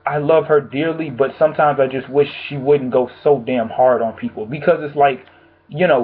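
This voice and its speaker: A man vlogging from home with blunt, profane, exasperated commentary on the news. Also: medium pitch. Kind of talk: casual opinion commentary. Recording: tinny phone-like audio.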